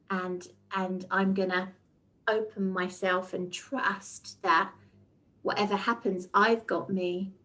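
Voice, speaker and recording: A woman's voice: medium pitch, fairly bright tone. A woman guest in a heartfelt casual chat, speaking earnestly and reflectively with frequent restarts.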